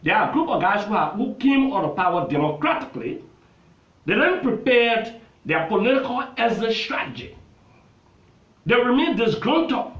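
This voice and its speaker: A Liberian man, a lawmaker, making an emphatic, repetitive political argument in a television interview. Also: very high-pitched. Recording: roomy, dull television audio.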